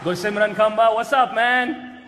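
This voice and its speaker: High-voiced man roasting on stage. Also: a little slow. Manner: crude, mocking, punchy roast jokes with frequent shouting. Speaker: roast comedian. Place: large hall with a live audience. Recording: echoey hall recording with crowd noise.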